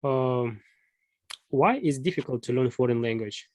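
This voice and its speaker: An interviewer with a Russian accent asks short questions, with a pause here and there. The voice sits in the middle range. The recording is dry and close. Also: mid-range voice, animated, a little mellow, no room sound. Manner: brief, hesitant questions. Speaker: interviewer, channel host.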